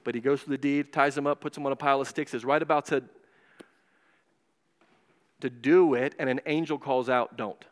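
A man preaching a casual, animated sermon in a church, retelling stories and acting out the voices with quick asides. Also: medium pitch. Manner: animated, digressive, acts out voices. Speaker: pastor. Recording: long hall reverb.

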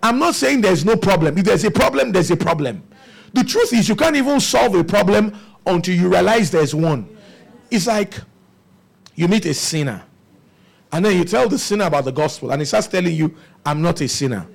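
Husky animated preacher man. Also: high voice, normal speed. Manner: animated preaching with rhetorical questions to the congregation. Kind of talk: sermon.

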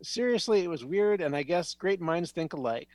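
A man's voice: sits high, animated, moderate pace, dry recording. A man co-hosting a motorcycle podcast, reading a listener's email in an easygoing way, with small stumbles. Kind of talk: casual podcast chat.

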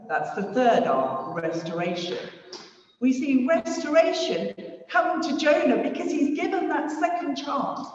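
Male preacher, very high and slow, recorded from afar in a long-reverb hall. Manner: conversational, asks the congregation rhetorical questions. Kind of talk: sermon. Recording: distant, roomy, dull long-reverb hall sound.

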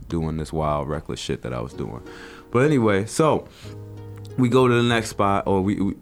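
A man, a recurring guest host telling a casual, slang-heavy story and acting out what people said. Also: low voice. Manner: animated, slangy, acts out quotes.

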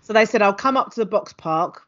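A woman co-hosting a podcast, telling a story in an animated, chatty way over a home mic on a call. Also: medium pitch, a little fast, highs cut off. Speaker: podcast co-host. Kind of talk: casual chat. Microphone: home mic on a video call.

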